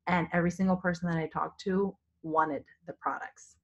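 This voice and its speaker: A woman from Virginia with a hoarse, partly lost voice, giving a spontaneous, rambling pep talk to her sales team from a family home. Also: on the low side, fairly even intonation, moderate pace, muffled recording. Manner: enthusiastic, rambling, full of restarts. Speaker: direct-sales team leader. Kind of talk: spontaneous motivational vlog.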